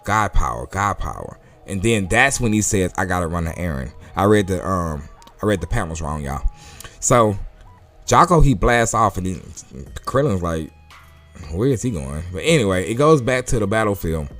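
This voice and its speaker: A man with a low voice walks through a comic chapter in a relaxed, talkative way. He laughs often and corrects himself as he goes. Faint music plays behind him. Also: normal speed. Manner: casual, chatty, laughs often. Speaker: manga reviewer. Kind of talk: casual chat.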